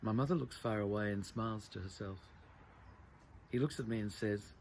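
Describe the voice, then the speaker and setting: A man reading his own literary prose aloud in a measured, reflective way. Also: on the low side, vocal fry, slight background noise.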